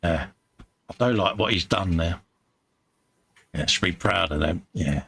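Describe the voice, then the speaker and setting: Gravelly man hosting a chat stream. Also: sits low, a little slow, fairly bright tone, a little hiss or hum. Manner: matey banter, reads out viewer comments. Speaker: live-stream host. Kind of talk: casual chat.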